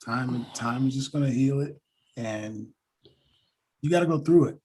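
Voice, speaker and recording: A man speaking in a podcast conversation, thoughtful and halting, with a husky voice. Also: medium pitch, darkish tone, slight background noise. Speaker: guest, NICU parent.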